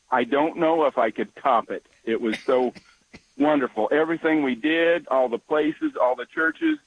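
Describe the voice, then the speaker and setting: A man calling into a radio show, earnest and enthusiastic. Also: medium pitch. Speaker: caller. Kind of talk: phone-in conversation. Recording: dull lo-fi radio call.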